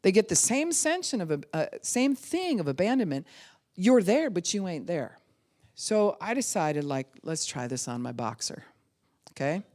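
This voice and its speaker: Middle-aged woman pastor, animated sermon storytelling. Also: lowish voice, moderate pace. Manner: animated storytelling, acts out voices of babies and dogs. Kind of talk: sermon teaching.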